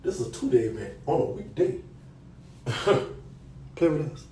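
A man ranting on a live stream, loud, taunting and profane, laughing often. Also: fairly high pitch, very animated, measured pace, roomy sound, recorded from a distance, a little hiss or hum, low-quality recording. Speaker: social media personality.

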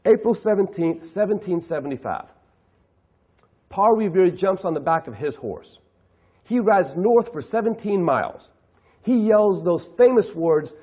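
Middle-aged male keynote speaker, husky and animated, plays to the room. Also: high voice, unhurried. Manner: animated, acts out clients' voices, asks the audience questions. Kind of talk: lively keynote talk to an audience.

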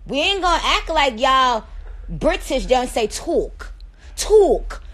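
A woman's voice: high-pitched, expressive, a little slow, sharp tone, poor audio. A woman from Trinidad chatting playfully with viewers on a phone livestream, talking straight to them from a dim room. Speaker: livestream host. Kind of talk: casual livestream chat to viewers.

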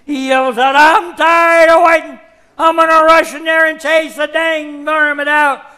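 A man's voice: very high voice, level tone, measured pace, pushed and bright, voice pushed up, exaggerated voice. A man on stage playing a rambling hundred-year-old backwoods man who cackles and retells the same yarn in old-timer slang. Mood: confused, excited. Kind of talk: one-man stage comedy.

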